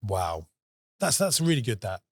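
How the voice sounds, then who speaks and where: A man's voice: on the low side, very animated, no room sound, clean studio sound. A man hosting a business podcast, bantering and teasing his co-host in a playful way. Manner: playful, teasing, quick to laugh.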